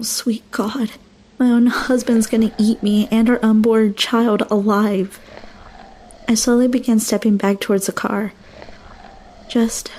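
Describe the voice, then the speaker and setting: Mellow woman narrating a horror story. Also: mid-range voice.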